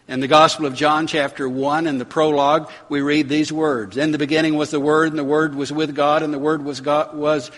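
A man preaching a sermon, building to dramatic emphatic bursts and slowing on key words. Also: on the high side, a bit bright. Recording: long hall reverb.

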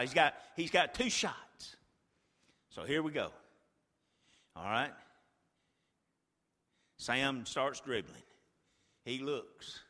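A man preaching a sermon, retelling a story like a play-by-play and swinging from a hush to a shout. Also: mid-range voice, in a large hall.

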